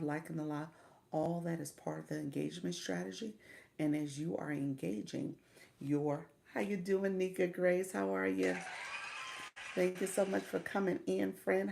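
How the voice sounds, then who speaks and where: Chatty woman with a low, gravelly voice. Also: a little mellow. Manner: greets viewers by name, chatty and laughing. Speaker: livestream coach. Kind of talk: casual live stream chat.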